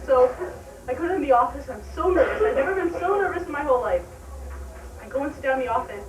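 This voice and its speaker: A woman's voice: high voice, expressive, a little fast. A young adult woman telling a childhood story on camera, giggling and acting out her own lines. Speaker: old classmate telling a story. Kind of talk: casual anecdote to camera. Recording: echoey room, distant mic, crowd chatter.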